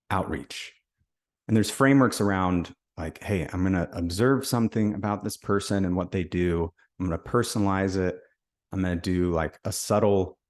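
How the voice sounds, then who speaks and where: A man with a deep, low-pitched voice talks through sales technique in a relaxed, conversational way. He often slips into the lines he would say on a call, acting out both sides. The delivery is casual podcast chat. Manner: conversational, acts out sales calls. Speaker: podcast host. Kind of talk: casual sales coaching talk.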